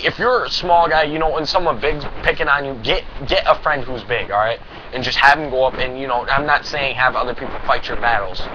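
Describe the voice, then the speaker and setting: A man's voice: a little high, pushed and bright. A teenage boy ranting to camera, profane and rambling, with heavy emphasis. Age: teens. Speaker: vlogger. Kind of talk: anti-bullying rant to camera. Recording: dull lo-fi recording with clear noise.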